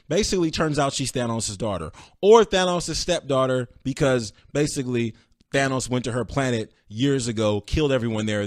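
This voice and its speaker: A man hosting a podcast, telling a movie plot in an excited, animated way and acting out the characters' lines. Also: medium pitch, no room sound, clean studio sound. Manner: excited, animated storytelling with voiced quotes. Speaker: podcast host. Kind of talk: casual solo movie review.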